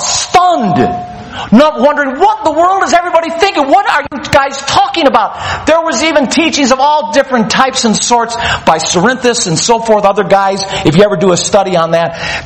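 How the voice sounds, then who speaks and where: A man's voice: high voice, fairly bright tone. A man preaching a sermon, teaching from the Bible in an emphatic, fired-up way.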